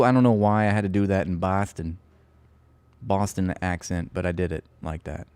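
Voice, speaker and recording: A man with a fairly low voice hosts a live reaction stream. He rambles in a sarcastic, profane way. The sound is dry and close, with no room echo. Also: steady tone, normal speed, darkish tone, clean tone.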